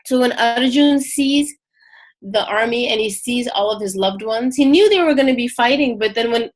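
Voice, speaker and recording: A woman with a fairly high voice gives a relaxed scripture class. She tells the story in a chatty, animated way, full of fillers and restarts. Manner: conversational, many fillers and restarts, animated retelling. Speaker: teacher. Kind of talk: casual spiritual lesson.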